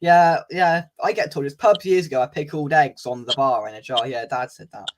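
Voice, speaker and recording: A man's voice: on the high side, fairly quick, noisy background. A man hosting a casual fan live stream, chatting, reading out viewer comments and laughing easily. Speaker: fan channel host.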